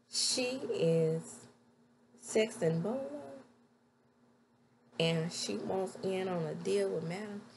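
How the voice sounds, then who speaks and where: A woman recapping a TV episode in a casual, chatty way, with sudden loud high exclamations. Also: lively intonation, slow pace, long pauses, a little hiss or hum. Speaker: TV episode reviewer.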